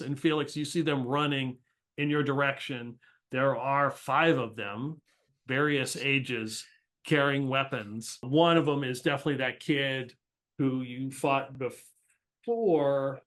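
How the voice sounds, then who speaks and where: A man narrating as game master of a tabletop role-playing game, in loose, halting speech full of fillers and restarts. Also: medium pitch, fairly bright tone.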